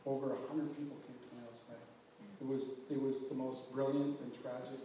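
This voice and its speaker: A middle-aged man shares his story as a bereaved father, halting and earnest, with phrases that break off and restart. His voice sits at an ordinary pitch and carries from a distance. It rings through a very echoey room over a faint hiss. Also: level tone, mellow. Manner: halting, earnest, often breaking off mid-sentence. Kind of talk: personal storytelling to a small group.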